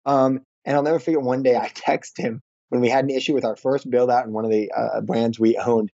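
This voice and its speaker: A quick-talking man with a dark, mellow voice tells animated stories as a podcast guest, slipping into the voices of the people he quotes. The sound is dry and a little dull and lo-fi. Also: mid-range voice, creaky, no echo. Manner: animated, acts out dialogue in anecdotes. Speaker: podcast guest, franchise owner. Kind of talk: casual interview storytelling.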